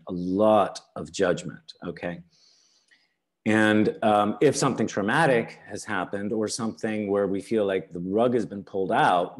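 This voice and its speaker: A man giving a teaching webinar over a video call, unhurried, often checking in with "all right?" and "okay?". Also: fairly low pitch, a little mellow. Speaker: webinar presenter.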